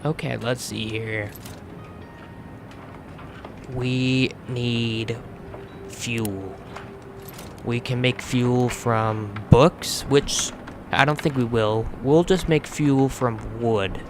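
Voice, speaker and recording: A man's voice: mid-range voice, very slow, long pauses, background noise. Casual American man narrating his gameplay. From United States. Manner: chatty, swears freely, restarts words. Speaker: gaming channel host. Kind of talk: casual let's play commentary.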